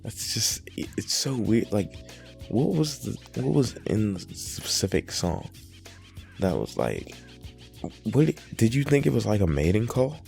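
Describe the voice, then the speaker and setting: Deep, gravelly, exasperated commentator. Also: male voice, big pitch swings, measured pace, darkish tone, faint music behind. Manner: exasperated, rambling with many fillers. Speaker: commentary host. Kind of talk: reaction commentary.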